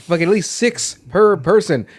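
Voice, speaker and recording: A man co-hosting a casual movie podcast, joking and swearing with quick interjections. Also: high-pitched, expressive. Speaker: podcast co-host.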